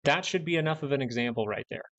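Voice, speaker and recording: A man's voice: mid-range voice, lively intonation, quick pace, a bit bright, highs cut off. A young man hosting a live stock market stream, ranting bluntly and repeating points for emphasis. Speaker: stock market livestream host.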